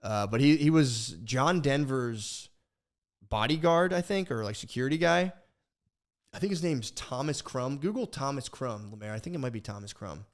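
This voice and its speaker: A young man on a podcast, chatting casually and cursing freely as he tells a long story. He talks in an animated way, restarting his sentences and doing little voices for the people in the story. His voice sits at an ordinary middle pitch. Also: moderate pace. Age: young adult. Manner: rambling, profane, animated storytelling with many restarts. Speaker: podcast co-host.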